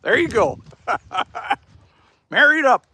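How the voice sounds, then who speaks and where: Lively, bright-voiced Canadian man chatting. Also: extremely high pitch, slow pace, husky, no echo. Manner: joking, chatty, talks while eating. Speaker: livestream host. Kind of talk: casual livestream chat reading comments.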